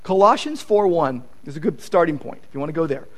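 Male pastor, sermon delivery, high and very lively voice, repeats points for emphasis. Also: fairly quick. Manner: animated, acts out quoted conversations; emphatic repetition.

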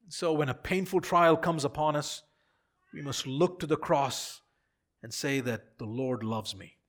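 A man preaching a sermon with a fairly high voice. He swings between hushed, drawn-out phrases and loud, emphatic peaks, and repeats key lines for weight. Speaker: pastor.

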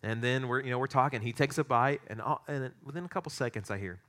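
A middle-aged man preaching a sermon, telling a story with animated, excitable energy. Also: medium pitch, fast. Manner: storytelling, animated, rising to excited peaks in anecdotes. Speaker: pastor.

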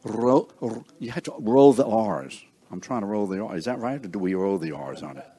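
With a lowish, dark, breathy voice, an older man speaks briskly and expressively as he hosts a seniors breakfast, with no echo on the recording. He introduces each guest with joking and playful ribbing, stumbling over names along the way.

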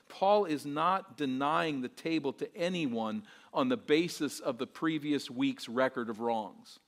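A man preaching a sermon as pastor, earnest and rhetorical, repeating phrases and swinging between soft, quiet lines and emphatic ones. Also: mid-range voice. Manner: rhetorical questions and repetition.

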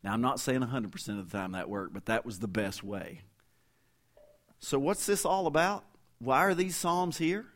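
A middle-aged man preaches from the pulpit in a relaxed, conversational manner. He weaves family anecdotes into the sermon and talks straight to his listeners. His voice sits at an ordinary middle pitch. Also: moderate pace. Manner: folksy, conversational storytelling with asides to the congregation. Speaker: pastor.

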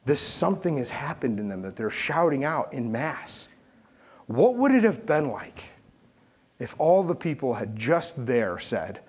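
A man preaching a sermon, telling stories with animated swings from loud calls to hushed asides. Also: fairly high pitch, moderate pace. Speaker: pastor.

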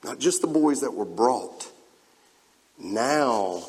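A man's voice: medium pitch, expressive, takes it slowly, pauses often, slight background noise. A man preaching a sermon to his congregation, emphatic and calling out to the room as he reads scripture. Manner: emphatic, rising and falling in loudness, with spoken asides to the congregation. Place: church sanctuary. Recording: preached in a large hall with long reverb.

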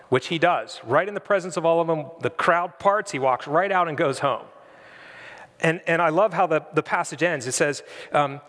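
A man's voice: fairly high pitch, a little fast, fairly bright tone. Preaching man in a reverberant church. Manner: conversational storytelling preaching with vivid imagery. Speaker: pastor. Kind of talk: sermon.

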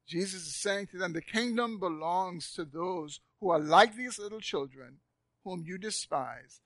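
Man preaching, high voice, dry sound, loud then soft, repeats words for emphasis, church sermon. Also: animated, unhurried, dry recording. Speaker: pastor. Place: church sanctuary, live congregation.

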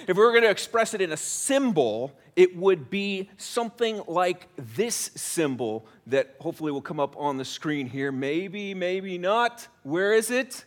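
A middle-aged American man preaching from the pulpit, his voice sitting a little higher than most men's. He speaks with a chatty, self-deprecating style, as if talking with his congregation rather than lecturing them. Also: sing-song, a little slow. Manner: conversational, self-deprecating humor. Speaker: pastor. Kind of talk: sermon. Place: church sanctuary.

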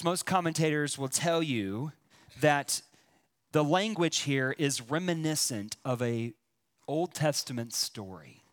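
A man preaching a sermon, speaking to his listeners directly and leaning on emphatic pauses. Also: on the high side. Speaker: pastor.

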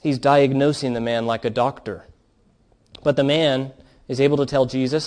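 A man preaching a sermon in an earnest, steady way, telling stories to his congregation. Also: medium pitch, moderate pace. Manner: earnest preaching, reads quoted account with rising fervor. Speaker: pastor.

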